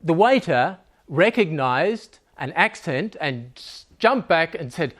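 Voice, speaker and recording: A man's voice: on the high side, lively intonation, a little slow, few pauses, fairly bright tone. A man giving a humorous talk to a live audience, joking and conversational, laughing at his own lines.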